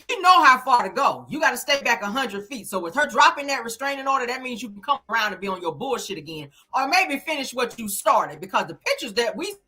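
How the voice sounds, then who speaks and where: A woman in her thirties giving blunt, animated celebrity news commentary straight to her viewers and swearing freely. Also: on the high side, breathy edge.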